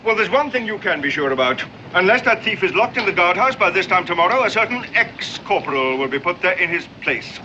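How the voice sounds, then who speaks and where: An actor playing a pompous naval commodore who speaks formally with cutting sarcasm. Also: male voice, sits high, sing-song, fairly quick, sharp tone, highs cut off, slight background noise, heavily acted. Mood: sarcastic.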